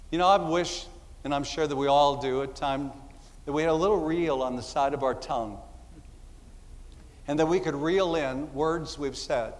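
A man preaching a sermon in a conversational style, acting out little voices as asides. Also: on the high side. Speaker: pastor. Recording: long hall reverb.

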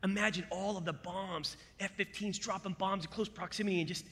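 A man from the United States, a military veteran, telling his story to a live audience in an animated way, dropping to hushed asides and then punching out loud bursts. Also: sits high, brisk. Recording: echoey hall with long reverb.

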